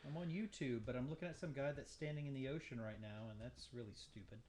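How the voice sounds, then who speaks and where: A man with a medium-pitched voice chats on a casual podcast. He drops dry, teasing remarks at his co-host. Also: fast, darkish tone.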